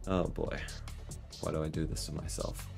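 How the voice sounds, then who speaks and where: A man's voice: extremely low pitch, little pitch movement, moderate pace, gravelly, music in the background. A young man streaming, telling a story casually with frequent laughter and a self-conscious manner.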